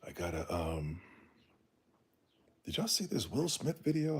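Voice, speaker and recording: A man's voice: on the low side, huge pitch swings, moderate pace, pauses often, a little mellow, husky. A man hosting a casual livestream, ranting bluntly in slangy talk and reading the chat. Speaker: streamer.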